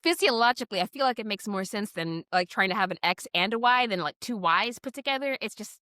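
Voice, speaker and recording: Woman in her thirties, podcast co-host, bright voice, lively swooping pitch, playful. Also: no room sound, studio quality. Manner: excitable, playful, jumps in with quick reactions. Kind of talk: casual chat.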